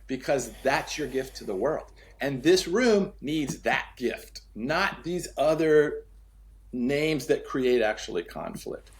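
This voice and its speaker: A man telling a story as a podcast guest, acting out the dialogue with sweeping pitch and repeating key phrases for emphasis. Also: animated, slow. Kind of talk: storytelling in conversation.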